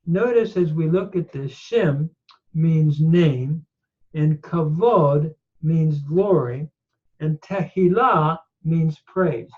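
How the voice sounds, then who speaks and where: Male Hebrew grammar lecturer, slightly higher voice, very slow and methodical, muffled lo-fi recording. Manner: reads Hebrew words slowly and spells out each grammatical form. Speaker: Bible and Hebrew grammar teacher. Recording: dull lo-fi recording.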